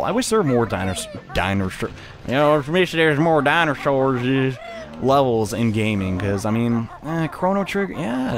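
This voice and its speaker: A man giving casual gameplay commentary, chatty and self-deprecating, laughing often at his own mistakes. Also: mid-range voice. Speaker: let's play commentator.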